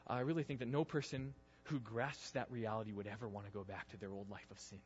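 A man preaching a sermon, earnest, swinging between loud emphasis and hushed intensity. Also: fairly low pitch, steady tone, quick pace, slightly rough, soft background music. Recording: dull sound with long reverb in a hall.

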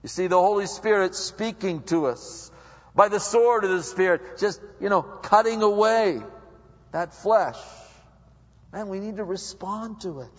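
A man preaching a sermon, reading scripture and explaining it, casually acting out how listeners might answer. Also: measured pace. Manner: conversational preaching, acts out listeners' voices with big pitch swings. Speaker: pastor. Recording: muffled recording with long hall reverb.

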